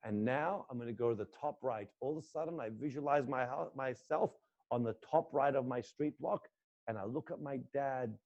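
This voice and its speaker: A male acting teacher guiding students through an intense exercise, swinging between low muttered lines and loud coaching. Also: moderate pace, dull audio. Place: indoor room.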